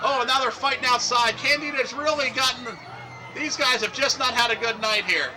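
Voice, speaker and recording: High-voiced excitable male wrestling commentator. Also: normal speed, a crowd in the background, noisy background. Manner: excitable, shouts on big moves, loose rambling asides. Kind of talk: play-by-play commentary over old match footage.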